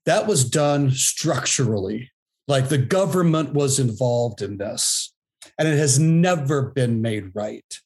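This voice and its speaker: Man, 50s, podcast guest, mid-pitched, reflective, pauses to find his words. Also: expressive, darkish tone. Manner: reflective, thinking aloud with pauses and restarts. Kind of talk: podcast panel discussion.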